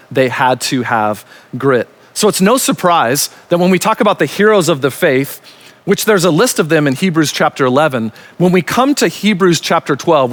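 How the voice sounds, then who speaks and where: A man, a pastor, preaching a recorded sermon in an emphatic, conversational way, slowing down to stress key words and dropping in casual asides. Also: medium pitch, fairly bright tone.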